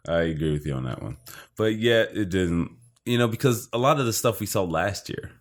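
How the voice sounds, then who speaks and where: A man's voice: sits low, animated, brisk. A man co-hosting a casual podcast, rambling and laughing often. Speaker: podcast co-host. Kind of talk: casual chat. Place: home podcast setup. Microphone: studio mic. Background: game trailer playing.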